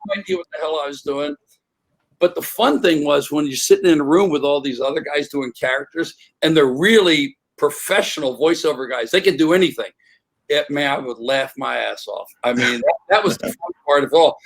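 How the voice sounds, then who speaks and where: An older man, an interview guest on a remote call, telling animated stories and acting out other people's voices. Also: a little high, fairly quick, vocal fry, poor audio. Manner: animated, acts out voices in anecdotes. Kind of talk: casual storytelling.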